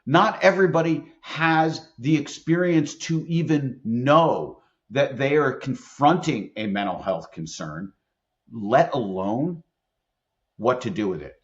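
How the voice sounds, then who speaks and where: A middle-aged man, an employment attorney and leadership expert, speaks as a guest in a conversational podcast interview, earnest and emphatic as he tells stories. His mid-range voice moves slowly with lively intonation, and the audio sounds dull.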